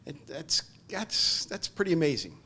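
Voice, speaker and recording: A man's voice: a little high, big pitch swings, moderate pace, bright, forceful tone, breathy edge. A man hosting a podcast interview, prompting his guest with short questions. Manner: brief prompting questions and affirmations. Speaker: podcast host.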